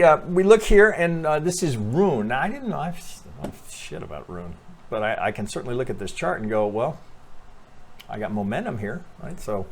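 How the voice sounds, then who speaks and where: A man giving a casual chart walkthrough as a trading analyst, talking animatedly, swearing freely and thinking out loud with lots of restarts. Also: fairly low pitch, a little hiss or hum.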